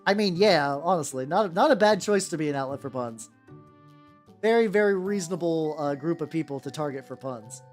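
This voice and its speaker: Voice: mid-range voice, animated, fairly quick, soft background music. A VTuber streamer chatting casually while painting miniatures, rambling and joking, with lots of "like"s and restarts. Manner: rambling, many "like"s and restarts, jokey.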